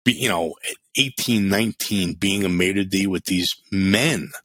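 With no echo on the recording, a middle-aged podcast co-host speaks in a low-pitched, slightly rough voice at an unhurried pace. In casual chat he tells blunt, profane stories, animated and full of energy.

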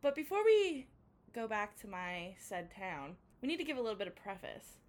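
A woman's voice: medium pitch, big pitch swings, moderate pace. A young woman from Canada co-hosting a laid-back podcast. She tells stories in a playful way and drops swear words casually. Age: young adult. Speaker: podcast co-host. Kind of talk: casual chat.

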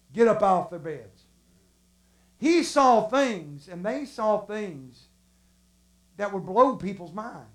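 A preacher delivering an animated sermon, acting out the stories with sudden shouts and hushed passages. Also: medium pitch. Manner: animated, acts out the stories with shouts and drops to a hush. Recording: roomy echo.

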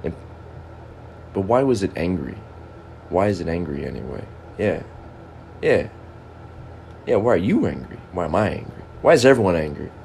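A man's voice: sits low, sing-song, moderate pace, creaky, pauses often, darkish tone. A man hosting his own podcast, rambling in a goofy, self-mocking solo monologue over a noisy background. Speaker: podcast host.

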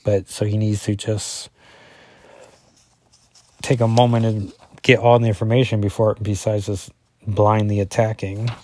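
A man's voice: fairly low pitch, little pitch movement, unhurried, pauses often, mellow, no echo. A man, a father, reviewing a comic book in a casual, rambling solo talk, full of fillers and self-corrections as he reads through the issue.

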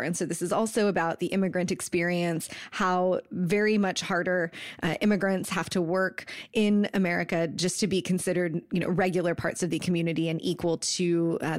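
A woman co-hosting a podcast, summarizing a book in a steady, explanatory way with some ums. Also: on the low side, no room sound, studio quality. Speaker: podcast co-host. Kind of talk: casual book chat.

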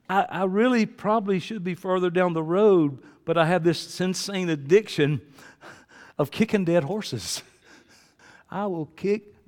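An older preacher tells stories from the pulpit, dropping to quiet asides and then rising to loud shouts. His voice sits a little high for a man. It carries a long reverb, as if recorded in a big church hall. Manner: storytelling, swings from low asides to loud shouting. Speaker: pastor. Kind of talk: sermon.

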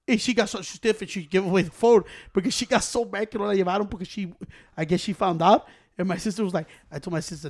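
A man in a casual chat, telling animated, profane stories and slipping into Spanish. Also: high-pitched, quick pace.

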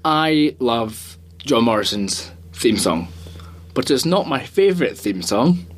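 A man co-hosting a podcast in casual chat, enthusiastic and jokey, rambling quickly. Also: mid-range voice, very animated, slight background noise. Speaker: podcast co-host.

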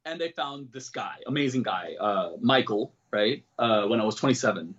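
Man, candid storyteller, self-deprecating humor, swooping lively pitch, muffled lo-fi sound. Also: normal speed. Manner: self-deprecating, jokes about dark topics; animated, switches into quoted voices. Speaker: comedian and guest. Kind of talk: candid personal storytelling in an interview.

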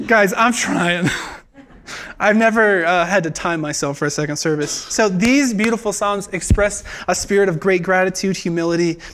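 A young man giving a sermon in a church, earnest and halting, with many filler words and restarts. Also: high voice, fairly bright tone. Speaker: preacher.

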